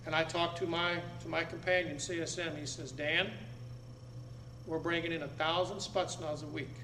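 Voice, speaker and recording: Blunt high-voiced man lecturing a crowd. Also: steady tone, moderate pace, pushed and bright. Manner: blunt, emphatic, repeats phrases for effect. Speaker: speaker addressing an audience. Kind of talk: public talk to a live audience. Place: meeting room with seated audience. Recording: echoey room, faint background noise.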